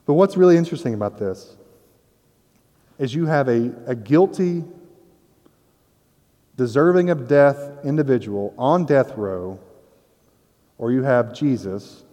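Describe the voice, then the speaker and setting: A man's voice: medium pitch, animated, unhurried, long pauses, dark tone, big-room sound. A man preaching a sermon in a conversational, self-deprecating way, acting out quoted voices. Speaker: pastor.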